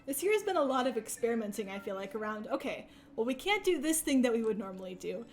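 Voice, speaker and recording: Casting: young adult woman, high voice, rambling streamer chat full of laughs. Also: very animated, fast talker, soft background music. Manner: chatty and rambling, laughs often, many fillers. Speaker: speedrunner streaming a game. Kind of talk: casual chat while playing.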